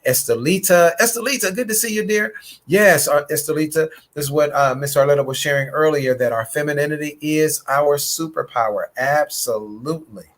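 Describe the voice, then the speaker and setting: Animated preaching man, lively storyteller. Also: fairly high pitch, brisk. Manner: animated storyteller, acts out voices, greets viewers. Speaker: host, relationship coach. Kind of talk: preaching-style live chat.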